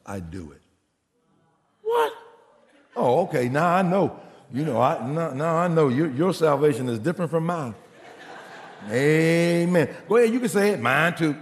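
A man preaching a sermon as a pastor, telling a story in an animated way and acting out the people he quotes. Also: on the high side. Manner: animated, acts out quotes, laughs. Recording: long hall reverb.

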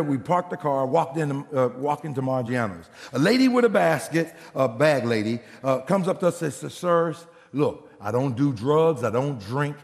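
A man preaching a sermon as a pastor, telling a story in an animated way and acting out the people he quotes. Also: fairly high pitch, gravelly. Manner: animated, acts out quotes, laughs. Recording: long hall reverb.

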